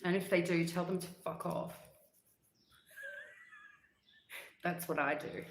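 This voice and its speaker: A woman hosts a casual livestream and chats with viewers in an upbeat, easygoing way. She laughs often and breaks into hummed snippets of songs. Her voice sits on the low side, and the room around her is echoey. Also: huge pitch swings, slow pace, a little hiss or hum. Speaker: livestream host. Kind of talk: casual livestream chat reading comments.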